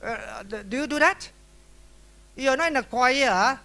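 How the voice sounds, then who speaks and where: Lively Malaysian-accented male teacher. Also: very high voice, a little slow, creaky. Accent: Malaysian English. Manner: lively, questioning, teasing. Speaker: workshop teacher. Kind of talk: classroom lecture. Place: workshop room.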